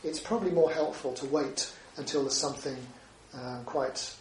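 A man's voice: fairly high pitch, normal speed, slight background noise. A man, a Buddhist teacher giving a talk, speaking conversationally and often closing points with questions like "isn't it?". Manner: conversational, with frequent tag questions. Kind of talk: dharma talk. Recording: roomy echo, distant mic, faint ambience.

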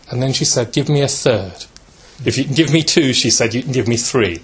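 A man giving a reflective spiritual talk, telling a story gently and unhurriedly, with many fillers and a habit of asking "yeah?", and shifting his pitch to voice the people in it. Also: moderate pace.

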